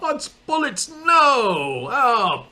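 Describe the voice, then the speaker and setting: A man's voice: very high-pitched, very animated, extremely slow, sharp tone, full character voice. A man playing a cowardly young country squire, nervous, stammering and hesitant. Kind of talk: stage comedy acting.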